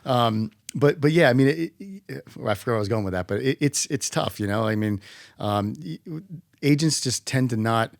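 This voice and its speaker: A man's voice: medium pitch, normal speed, gravelly, no room sound, studio quality. A man hosting a business podcast, chatting casually and agreeably, often chiming in with short affirmations and restarting his sentences. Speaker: podcast host, company CEO. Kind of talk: casual interview chat. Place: podcast studio.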